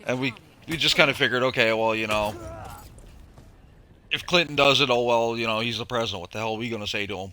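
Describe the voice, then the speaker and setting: A man's voice: medium pitch, fast, bright, forceful tone. A man, a former chef, telling rambling stories in casual chat, with profanity and acted-out quotes.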